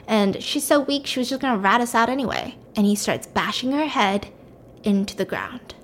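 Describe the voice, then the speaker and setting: A woman's voice: on the high side, very animated, normal speed, a little hiss or hum. Chatty woman retelling a story. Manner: chatty, acts out characters' lines.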